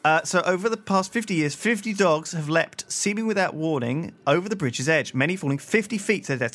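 A man's voice: fairly high pitch, animated, fairly quick, hardly any pauses, fairly bright tone. A man co-hosting a casual podcast, easygoing, chatting and reading a spooky story aloud. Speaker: podcast co-host.

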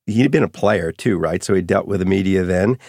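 A middle-aged man, an author being interviewed, telling anecdotes in a lively, casual way. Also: sits low, a little fast, no echo, studio quality. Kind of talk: storytelling interview.

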